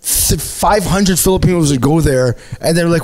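A man from Canada, a guest comedian, telling animated stories in a casual chat, laughing often and mimicking voices. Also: fairly high pitch, moderate pace, few pauses.

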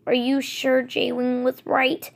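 A woman voicing an old golden tabby tomcat, once noble, speaking calmly and steadily. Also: high-pitched, slow pace, gravelly, full character voice. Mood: earnest.

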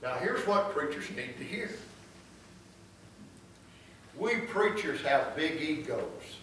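A man preaching a sermon, swinging between loud exclamations and soft, drawn-out storytelling. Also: fairly high pitch, big pitch swings, a little hiss or hum. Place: church sanctuary. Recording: echoey church room from far off.

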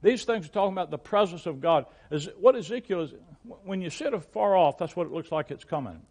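Older male pastor, slightly high voice, conversational Bible teacher who stumbles and repeats words mid-thought. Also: lively intonation, fast, a little mellow. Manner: repeats and restarts words, reads scripture aloud in King James wording.

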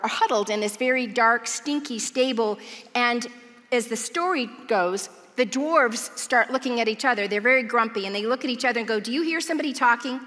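Earnest woman preacher, lively storyteller, sermon in a big reverberant church. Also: on the high side. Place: large church auditorium.

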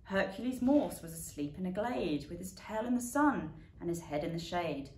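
Animated woman reading a bedtime story. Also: lowish voice, normal speed. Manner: lively storyteller who yowls and barks the animal sounds. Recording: echoey room with faint background noise.

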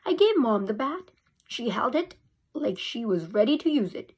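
A woman teacher reading a chapter book aloud to young students, expressive. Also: fairly high pitch, moderate pace, slightly rough. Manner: expressive storytelling. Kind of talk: read-aloud for children.

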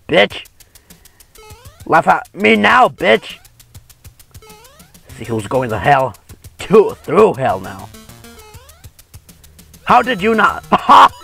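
Gravelly, trash-talking male gamer. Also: a little high. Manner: crude trash-talking, swears and yells. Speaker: gamer co-host. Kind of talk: gameplay commentary.

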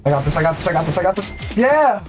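A young man chatting loosely while playing party games online, quick to yelp and laugh. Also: a little high, over loud music. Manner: excitable, yelps and laughs often. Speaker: gaming YouTuber. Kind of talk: casual gameplay banter.

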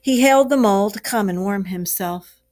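A woman's voice: mid-range voice, normal speed, a little mellow. A woman teacher reading a story aloud to young pupils and stopping to explain words. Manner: explains words to children as she reads. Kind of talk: classroom read-aloud.

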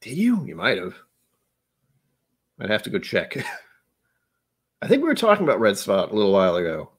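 A man's voice: on the low side, wildly swooping pitch, moderate pace, slightly rough. A man hosting a casual chat, rambling and self-mocking, who now and then slips into joke accents. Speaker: host.

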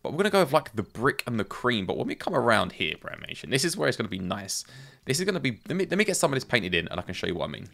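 A man's voice: medium pitch, very animated, rapid-fire, creaky, fairly bright tone. A man giving casual, chatty gameplay commentary, thinking aloud as he builds and talks to his viewers. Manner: chatty, thinking aloud, self-talk with playful asides. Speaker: game streamer.

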